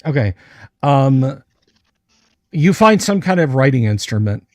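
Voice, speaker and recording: A male game master narrates a tabletop livestream at an unhurried, deliberate pace. He circles through fillers and restarts as he describes each object, and his voice sits in the middle of the range. The sound is dry and close, with no room around it. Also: medium pitch, sing-song, dry recording. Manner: hesitant, many fillers and restarts; describes items slowly and carefully.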